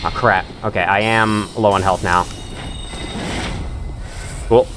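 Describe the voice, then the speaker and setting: A man's voice: on the low side, fairly even intonation, takes it slowly, noisy background. A man hosting a gaming channel, giving rambling, self-mocking let's-play commentary and chuckling to himself as he plays.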